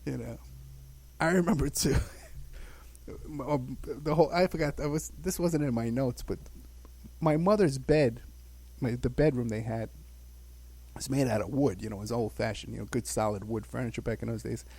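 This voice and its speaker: Husky-voiced older man from the Bronx. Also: mid-range voice, normal speed, long pauses, a little mellow, no room sound. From the Bronx, New York. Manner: rambling, chuckling, full of "you know". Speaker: guest recounting his childhood. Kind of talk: casual storytelling on a podcast.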